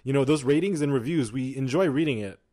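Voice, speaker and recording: Casting note: young male podcast co-host, mid-pitched voice, relaxed and easygoing. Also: fast. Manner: relaxed, laughs often, wraps up the show. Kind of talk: casual chat.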